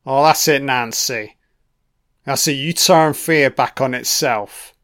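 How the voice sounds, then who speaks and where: A man's voice: medium pitch, slow, fairly bright tone. A man giving casual audio commentary on a film, with profane, sardonic running reactions.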